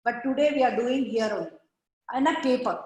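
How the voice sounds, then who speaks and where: A woman's voice: a little high, a little fast, darkish tone. A woman teaching an online art class, giving patient step-by-step instructions over a video call. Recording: echoey room on a video call.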